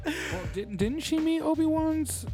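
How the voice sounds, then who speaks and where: A man's voice: very high-pitched, expressive, unhurried, music in the background. A young man co-hosting a casual podcast, laid-back and slangy, with some swearing. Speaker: podcast co-host. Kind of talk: casual chat.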